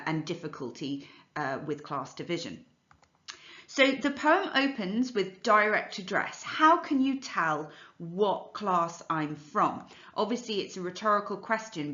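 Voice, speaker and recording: A woman's voice: mid-range voice, pushed and bright, roomy sound, muffled recording. A woman teacher walking students through a revision lesson in a chatty, explanatory way, with frequent fillers and restarts. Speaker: English literature teacher.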